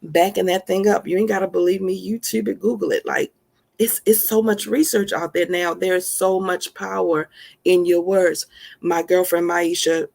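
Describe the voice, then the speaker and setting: A woman's voice: fairly low pitch, steady tone, moderate pace, vocal fry, a little mellow. A woman giving an emphatic, folksy motivational talk, calling her listeners honey. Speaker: self-help speaker.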